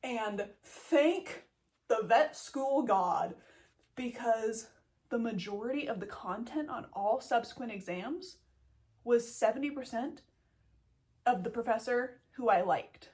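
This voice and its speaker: A woman's voice: fairly high pitch, expressive, slow, a little mellow. A young woman telling a story as a vet student in a casual vlog, blunt, self-mocking and full of swearing. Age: young adult.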